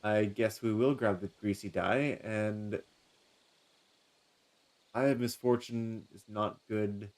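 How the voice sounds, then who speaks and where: A man's voice: fairly low pitch, steady tone, slow pace, pauses often, a little mellow. A man casually commenting on his game, musing aloud with many fillers. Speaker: streamer. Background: faint game music.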